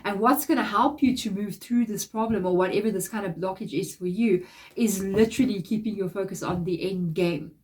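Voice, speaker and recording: A woman's voice: medium pitch, fairly quick. Nasal, stuffy-nosed woman reading tarot. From Africa. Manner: chatty and encouraging, loose rambling sentences. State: stuffy blocked nose, nasal. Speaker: tarot reader. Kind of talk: casual tarot card reading.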